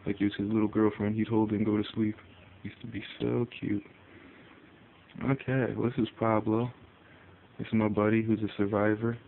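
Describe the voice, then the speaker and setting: A Connecticut man with a lowish voice rambles casually about his pet in a vlog shot on his phone, using lots of filler words. The phone audio is tinny, with faint ambience and slight background noise.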